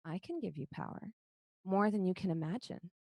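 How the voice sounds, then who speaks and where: A woman voicing a pale, ethereal female stranger who speaks softly and gently. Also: on the low side, lively intonation, moderate pace, no room sound. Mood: coaxing. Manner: soft, gentle.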